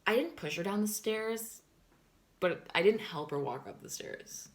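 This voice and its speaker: A woman's voice: mid-range voice, animated, a little slow. A young woman vlogging a storytime in a casual, rambling way, full of fillers, swearing and laughter. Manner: chatty, filler-heavy with constant "like", swears and laughs.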